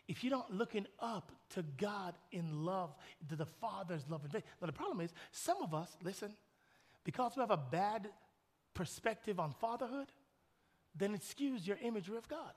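A man's voice: high-pitched, very animated, moderate pace. Male pastor, thirties, passionate sermon delivery, hall reverb. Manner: preaching, swings from loud shouted peaks to soft hushed storytelling. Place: large church hall.

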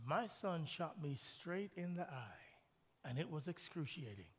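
A pastor in his thirties preaching a sermon, swinging from shouted peaks to hushed, intimate storytelling. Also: fairly high pitch, big pitch swings, unhurried, breathy edge. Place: large church hall. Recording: long hall reverb.

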